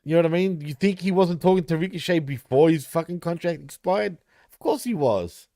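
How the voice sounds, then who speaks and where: A man's voice: fairly high pitch, animated, a little fast, mellow, no echo, clean studio sound. Profane man in banter. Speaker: podcast co-host. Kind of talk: casual podcast chat.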